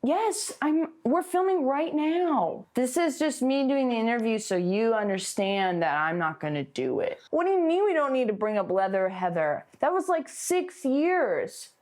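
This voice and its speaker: A woman's voice: a little high, sing-song, moderate pace, few pauses, a little mellow. A young woman speaking in a mockumentary-style interview, chatty and exasperated, with plenty of "like" and "um" fillers.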